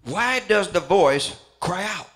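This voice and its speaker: High, lively preaching man. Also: slow. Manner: calls out listeners by name, builds to shouted repeated phrases. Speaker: pastor. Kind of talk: sermon.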